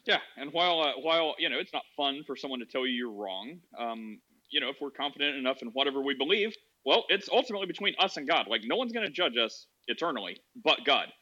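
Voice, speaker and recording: A man hosting a discussion in an online audio chat room, brisk and joking. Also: medium pitch, big pitch swings, sharp tone. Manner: brisk, joking, laughs easily. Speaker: host. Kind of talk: moderating a discussion. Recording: dull lo-fi sound.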